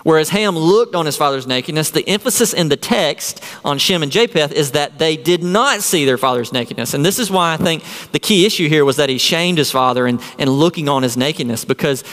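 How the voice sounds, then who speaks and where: A man's voice: fairly high pitch, animated, fairly quick, few pauses, fairly bright tone, big-room sound. A man preaching a sermon as a pastor, earnest and full of rhetorical questions.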